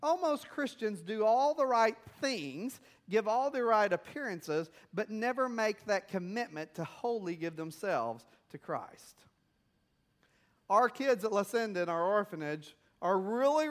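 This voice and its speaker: A missionary pastor preaches a sermon in a high, animated voice at a slightly slow pace. He tells stories and poses rhetorical questions to the congregation in an easy, conversational way.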